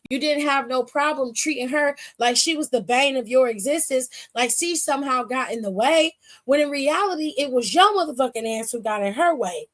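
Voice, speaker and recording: A woman with a high, bright-sitting voice talks through a wrestling recap on a stream. She is blunt and sassy, swears freely and fires heated asides at the people she discusses. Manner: blunt and profane, retells scenes by acting out both sides. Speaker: wrestling aftershow host. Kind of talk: casual recap commentary. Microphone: streaming setup.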